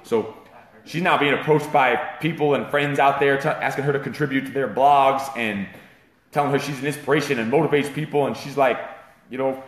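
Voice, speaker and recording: A man's voice: mid-range voice, steady tone, a little fast, reverberant. A man hosting a live fitness talk show, rambling and profane, hyping up a client's progress. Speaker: fitness trainer and show host. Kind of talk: casual livestream talk.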